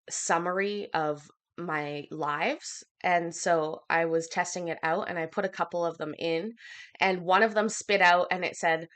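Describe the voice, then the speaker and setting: Woman host on a live stream, kinda hoarse from a cough, lots of ums and likes, talks to chat. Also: lowish voice, a bit bright. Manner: chatty, filler-heavy, reads out viewer comments. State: coughing, a bit out of breath. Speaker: livestream host. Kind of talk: casual livestream chat.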